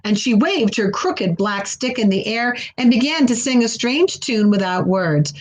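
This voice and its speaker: A woman's voice: fairly high pitch, lively intonation, measured pace. Woman reading a story to children. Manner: explains words for children. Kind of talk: children's story read-aloud.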